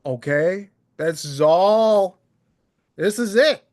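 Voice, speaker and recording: Man, fairly high voice, sarcastic, aggrieved, live stream rant. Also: expressive, takes it slowly, darkish tone. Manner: aggrieved, sarcastic, mocking impressions.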